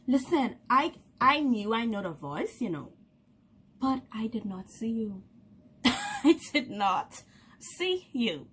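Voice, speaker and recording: Bright-voiced Bahamian woman telling stories. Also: fairly high pitch, slow pace, slight background noise. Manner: animated, laughing often, acts out quoted voices. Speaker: vlogger. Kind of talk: casual storytelling to camera.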